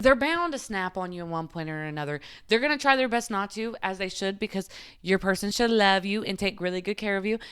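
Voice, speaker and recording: A woman's voice: mid-range voice, a bit bright, clean tone. A woman vlogger giving casual, candid advice in a chatty way, often saying "like". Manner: chatty, frequent filler "like"; open and confiding.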